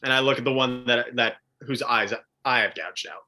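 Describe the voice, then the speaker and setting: A man's voice: medium pitch, moderate pace, sharp tone. A man playing in a tabletop game, describing his character's actions and swearing casually. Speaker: player.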